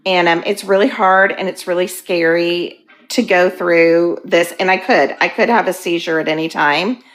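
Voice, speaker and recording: A woman in her fifties candidly sharing her recovery story, earnest and halting, weepy and emotional. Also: on the low side, steady tone. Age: 50s. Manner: earnest, halting, with frequent ums.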